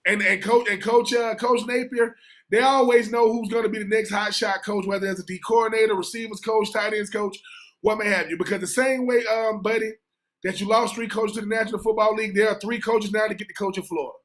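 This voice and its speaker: A former player talks football as a show guest. His voice is high for a man, and he is emphatic and informal, often repeating words as he gets going. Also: fairly even intonation, fairly quick. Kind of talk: casual radio sports talk.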